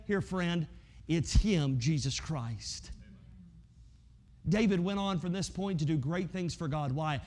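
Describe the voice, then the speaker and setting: A preacher with a notably high voice delivers a sermon in a chatty, direct way. He plays out the complaints of imagined listeners, then sinks into hushed, intense stretches to drive a point home. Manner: conversational preaching, acts out imagined listeners, drops to soft intense tones. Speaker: pastor.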